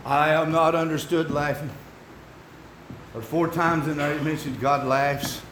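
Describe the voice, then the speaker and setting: An older Southern man preaching in a high-pitched, hollering voice, stretching his words and slipping into folksy asides. The sound is echoey, as if in a big room, with a faint hiss underneath. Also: steady tone. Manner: shouting, drawn-out exhortation with folksy asides. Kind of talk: sermon.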